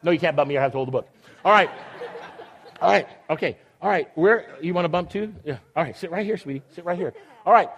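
A man's voice: on the high side, fast talker, a bit bright, highs cut off. An older man leading a children's sermon, reading a picture book aloud and teasing the children playfully.

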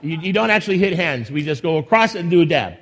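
High-voiced enthusiastic man preaching. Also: expressive, fast talker, fairly bright tone. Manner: folksy, rambling, enthusiastic with restarts. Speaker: pastor. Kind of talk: church announcements and sermon. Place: church sanctuary.

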